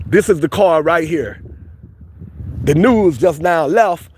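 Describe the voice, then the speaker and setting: A man's voice: a little high, slow pace, a little mellow, a little hiss or hum. A man, livestreaming outdoors and arguing insistently with his viewers, repeating his points. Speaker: livestream host. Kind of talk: street livestream arguing with chat. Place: outdoors by a police station.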